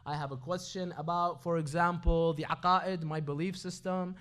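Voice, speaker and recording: A man preaching a sermon, dramatic and earnest, swinging between loud pleading and low, intense speech. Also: steady tone, normal speed, clear, resonant tone. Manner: dramatic, shifting from loud pleading to low earnest tones, quotes Arabic scripture.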